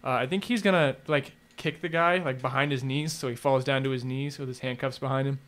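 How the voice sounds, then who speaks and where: A man's voice: mid-range voice, steady tone, fairly quick, hardly any pauses, a bit bright. A man playing a tabletop western game, describing his character's actions and speaking his lines in an easygoing drawl. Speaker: player. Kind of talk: tabletop role-play, narration and in-character lines.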